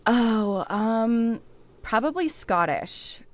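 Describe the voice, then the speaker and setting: Young woman from the South, neutral American accent, chatty podcast guest, quick laughs, average pitch. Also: animated, slight background noise. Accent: General American. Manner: chatty, laughs often, fillers. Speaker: audiobook narrator guest. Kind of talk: casual chat.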